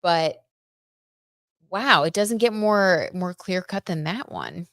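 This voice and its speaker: Young woman, lowish voice, chatty giggly tarot host talking to viewers, dry close sound. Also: expressive, takes it slowly, a bit bright, dry recording. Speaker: tarot reader and livestream host. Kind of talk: casual gossip livestream, tarot reading.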